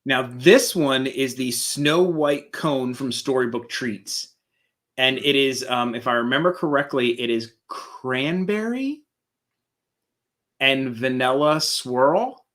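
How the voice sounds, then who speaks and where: A man's voice: medium pitch, takes it slowly, a bit bright. A man who is a parent, co-hosting a casual live talk show, playful and jokey as he describes food items. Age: adult parent. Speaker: co-host of a Disney talk show. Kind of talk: casual live-stream chat.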